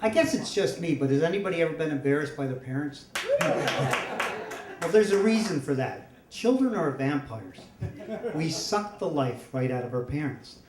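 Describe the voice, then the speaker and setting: A man in his fifties tells a comic story on stage with a dry, self-mocking wit. His voice sits a little high for a man, and a roomy echo hangs around it. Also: expressive, moderate pace, background noise. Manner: wry, self-deprecating humor. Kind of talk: live comedic storytelling.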